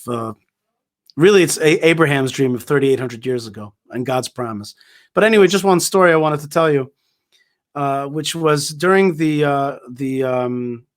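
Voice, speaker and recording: A man with a slightly raised voice tells a story in conversation. He is emphatic and forceful in his points, often repeating words and restarting his sentences as he goes. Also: fairly high pitch. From Israel. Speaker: guest speaker.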